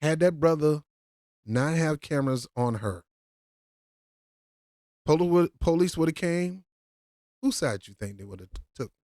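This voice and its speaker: A woman's voice: deep voice, expressive, a little slow, long pauses, mellow, no echo. A woman giving a slangy, mocking reaction commentary on a street video.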